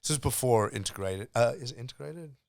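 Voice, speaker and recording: A middle-aged man from South Africa, a podcast guest and martial arts coach, telling stories in a casual, animated way, swearing freely. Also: mid-range voice, a little fast, vocal fry, dry recording, clean studio sound. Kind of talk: casual storytelling chat.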